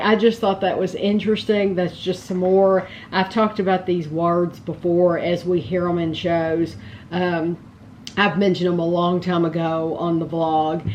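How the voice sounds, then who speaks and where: A woman's voice: fairly low pitch, a little mellow, lo-fi sound, slight background noise. A woman chatting casually to her vlog audience, rambling along with frequent ums and restarts. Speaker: vlogger. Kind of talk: casual chat to camera.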